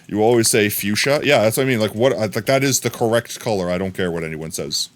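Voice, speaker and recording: A man's voice: fairly low pitch, fast, slight background noise. A man live-streaming a game, chatting casually and goofily riffing on silly words as he plays.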